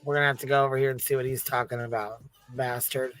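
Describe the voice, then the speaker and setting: A woman's voice: very deep voice, level tone, fast, a loud crowd. Blunt, mocking woman streamer. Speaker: host. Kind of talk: casual reaction commentary.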